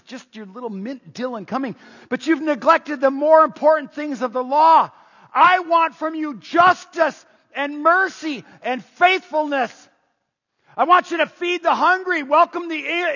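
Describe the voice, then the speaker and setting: A man voicing a furious grown man who loudly denounces religious hypocrites with drawn-out accusations, in a dull, echoey hall recording. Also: extremely high pitch, pitched above the performer's own voice, exaggerated voice. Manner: loud, shouting, drawn-out accusations.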